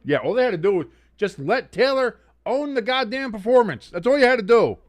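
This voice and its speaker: A man's voice: very high voice, brisk, dry recording. A man hosting a casual live-stream watch-along, reading chat aloud and swearing freely as he reacts. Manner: profane, animated, reads chat aloud.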